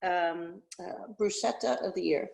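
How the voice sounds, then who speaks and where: A woman's voice: fairly low pitch, unhurried, creaky, a little mellow. Chatty woman on a video call. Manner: chatty and laughing. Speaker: viewer on the call.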